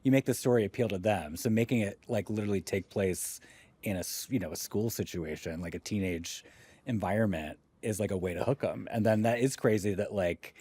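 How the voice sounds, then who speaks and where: A man with a fairly low, mellow voice co-hosts a podcast in loose, casual chat. He drifts through his points with plenty of fillers, recorded close and dry. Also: fairly quick, breathy edge, no echo. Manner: relaxed, filler-heavy, says like a lot. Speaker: podcast co-host.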